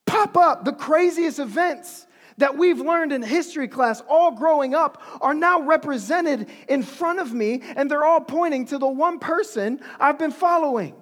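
A preacher giving an animated, humorous, conversational sermon in a large hall. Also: sits high, moderate pace.

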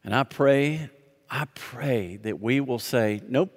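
A man preaches a sermon in a mid-range voice that sits in the middle for a man. He presses his points with rhetorical questions and slows right down for emphasis. His voice rings out with the long echo of a large sanctuary. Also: mid-range voice. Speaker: pastor. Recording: reverberant hall.

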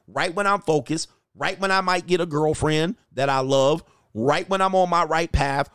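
A man's voice: a little high, a bit bright, clear, resonant tone, no echo, studio quality. A man coaching in a blunt, crude motivational monologue, with short phrases he repeats for emphasis. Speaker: dating and life coach.

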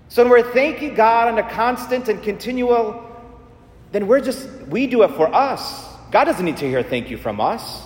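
A man's voice: very high-pitched, animated, moderate pace. A man preaching an earnest, repetitive sermon as a Catholic priest in a church. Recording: echoey church with long reverb.

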